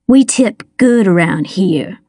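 A woman voicing a gruff older country man in an audiobook, growling and muttering his words. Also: mid-range voice, expressive, slow, mellow, dry recording. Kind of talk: audiobook character voice.

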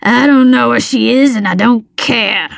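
A woman's voice: a little high, measured pace, vocal fry, no room sound, clean studio sound. A woman voicing a cold, sly middle-aged male crook in an audiobook, bribing and snarling. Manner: sly, wheedling, then snarling.

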